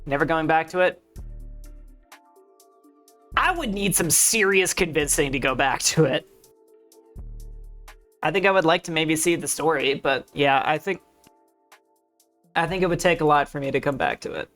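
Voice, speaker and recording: Chatty, excitable woman streamer. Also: deep voice, normal speed, pauses often, soft background music. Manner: chatty and excitable, rambling with restarts. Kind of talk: casual gaming stream chat.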